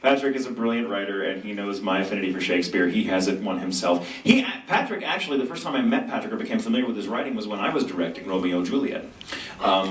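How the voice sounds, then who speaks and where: A man with a fairly low voice answers fan questions at a convention panel. He is animated and self-mocking, and he acts out quotes as he tells stories. The sound is roomy and distant, as if captured from the back of a big hall. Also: slight background noise. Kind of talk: storytelling Q&A panel. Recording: echoey convention hall from far off.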